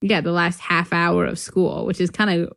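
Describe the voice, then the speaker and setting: A woman's voice: lowish voice, level tone, moderate pace, vocal fry, fairly bright tone, no room sound, clean studio sound. A young woman from North Carolina co-hosting a podcast, telling a long, filler-heavy story in casual chat and laughing often. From North Carolina, USA. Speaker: podcast co-host.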